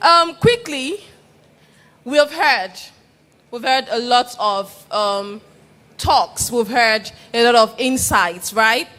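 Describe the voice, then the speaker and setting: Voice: mid-range voice, slow. An event host playfully working the audience and prompting them to respond. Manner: playful, energetic, prompts the crowd. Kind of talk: audience engagement.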